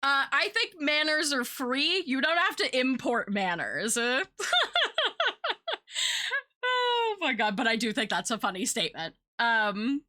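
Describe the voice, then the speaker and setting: Young woman, Southern US accent with British touches, slow pace, bright voice, rambling streamer chat. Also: sits high, big pitch swings. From United States. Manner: chatty, rambling, full of filler words and laughs. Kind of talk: casual chat while drawing.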